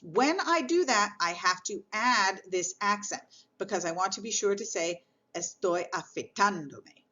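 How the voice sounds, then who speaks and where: A woman's voice: on the low side, bright, forceful tone, muffled recording. A woman teaching a Spanish grammar lesson, explaining patiently step by step.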